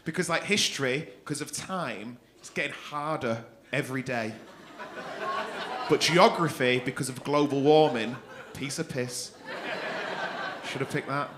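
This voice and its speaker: A man doing stand-up crowd work on a comedy club stage, teasing audience members with quick-fire, sweary banter. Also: medium pitch. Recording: live club recording with crowd noise. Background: audience laughing.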